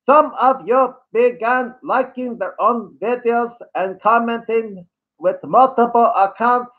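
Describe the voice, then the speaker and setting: A man's voice: very high voice, slow pace, pitched above the performer's own voice. A man voicing a condescending male online commenter in a put-on thick accent, lecturing and sneering. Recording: tinny phone-like audio.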